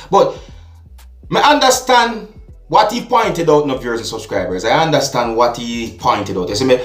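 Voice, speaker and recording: A man's voice: mid-range voice, lively intonation, moderate pace, fairly bright tone, far from the mic. A Jamaican man hosting a vlog, talking through news with his viewers and often asking "you see me". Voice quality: patois-tinged, repeats "you see me". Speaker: vlogger. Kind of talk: casual news commentary. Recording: roomy echo, off mic, music behind.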